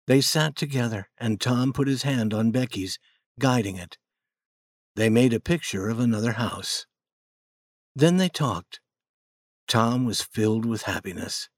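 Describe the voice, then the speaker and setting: A man narrating a storybook chapter in a plain, measured way. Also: mid-range voice, animated, no room sound, studio quality.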